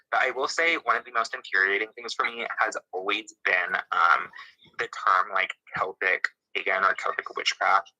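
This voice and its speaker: Very bright, animated man in lively discussion. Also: lowish voice, moderate pace, poor audio. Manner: animated, exasperated asides, frequent fillers. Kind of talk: casual discussion.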